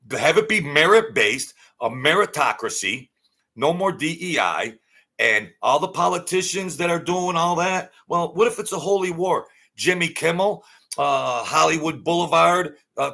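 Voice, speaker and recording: A man's voice: a little high, creaky, bright, forceful tone. A man delivering a blunt, heated, repetitive ranting monologue as an online commentator.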